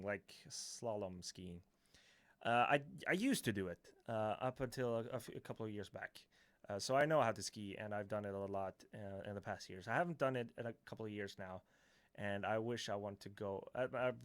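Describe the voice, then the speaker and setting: Swedish man, mid-pitched, casual livestream Q&A host, halting and filler-prone, self-correcting. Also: no room sound. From Sweden. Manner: hesitant, filler-heavy, self-correcting, chuckling. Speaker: YouTuber answering chat questions.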